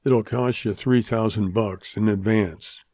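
A man voicing a weary, cold-eyed young gunfighter in a Western audiobook, with a slow, smooth drawl. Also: lowish voice, steady tone, dark tone, no echo.

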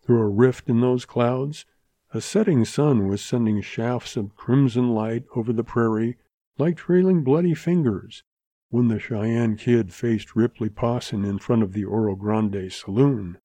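Mellow-voiced male audiobook narrator. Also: mid-range voice, measured pace, dry recording. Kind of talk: scripted narration of a Western novel.

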